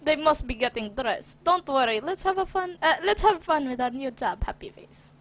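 Tough young heroine with a fake Russian accent, a woman doing the voice, high, lively, loud music behind. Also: normal speed. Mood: cheery. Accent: Russian, put on. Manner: playful, reading in-game lines.

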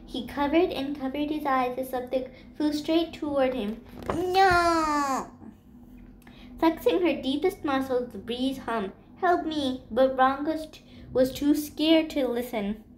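Lady reading a kids book aloud, high voice, slow and gentle, faint hum behind. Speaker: storybook reader.

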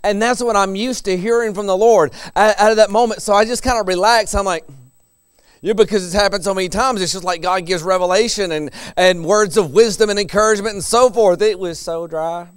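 A man's voice: high voice, a little fast, clear, resonant tone, no room sound. A middle-aged man preaching a sermon in a conversational way, chuckling between his points.

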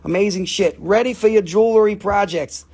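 A man's voice: sits high, normal speed, a little mellow, husky. A middle-aged man hosting a live stream, selling rocks with profane, joking, rambling talk.

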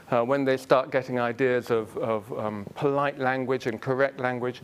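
A man giving a public lecture on word history in a college lecture room, relaxed and full of ums and uhs. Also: medium pitch, normal speed, clear, resonant tone.

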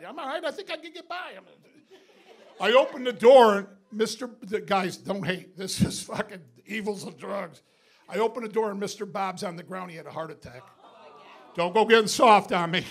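A man does stand-up in a club, spinning a rowdy story with plenty of swearing and laughs at his own jokes. His voice sits very high for a man and has a bright, forceful edge. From Binghamton, New York. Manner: swearing, laughing through the punchlines. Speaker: stand-up comedian. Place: comedy club stage with audience.

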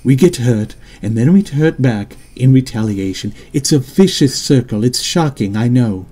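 A man's voice: mid-range voice, expressive, moderate pace, mellow, faint music behind, voice pushed up, close to an everyday voice. A man voicing a worried, insistent middle-aged mother in an audiobook, with pleading, scolding emphasis. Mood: earnest. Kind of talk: audiobook character reading.

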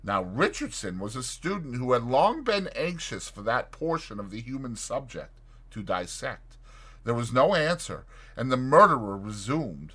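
A man reading a short story aloud as audiobook narrator, in a dramatic and expressive scripted narration. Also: medium pitch, normal speed, breathy edge.

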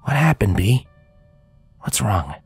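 A man voicing a worried young father who speaks in a soft, soothing way and calls out anxiously. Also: medium pitch, lively intonation, takes it slowly, vocal fry, breathy edge, faint music behind, pitched above the performer's own voice, full character voice. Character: worried young adult father, gentle and protective. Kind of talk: fanfiction audiobook reading.

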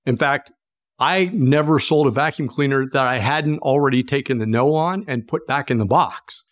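A man's voice: medium pitch, normal speed, dry recording, clean studio sound. A middle-aged man from Pennsylvania, a sales expert telling a long story in an interview and acting out the people in it.

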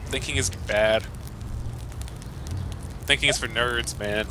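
Co-player, man, mid-pitched voice, jokey and teasing, over a noisy home mic. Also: steady tone, takes it slowly. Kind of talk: casual gaming commentary.

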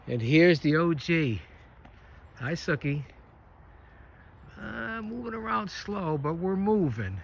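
A man's voice: a little high, sing-song, slow pace, vocal fry, long pauses, slightly rough. Chatty man coaxing dogs outdoors. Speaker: dog sitter. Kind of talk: casual vlog narration to dogs. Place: woods outdoors.

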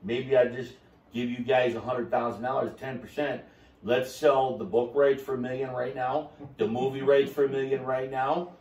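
A man's voice: medium pitch, little pitch movement, moderate pace, darkish tone, roomy sound, recorded from a distance, lo-fi sound. A man telling his story on a podcast, boisterous and rambling, with a salesman's flourish. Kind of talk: casual chat.

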